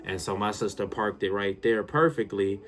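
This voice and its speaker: A man telling a personal story to his viewers in a casual, excitable way, often addressing them directly. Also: on the low side, moderate pace. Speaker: storytime YouTuber.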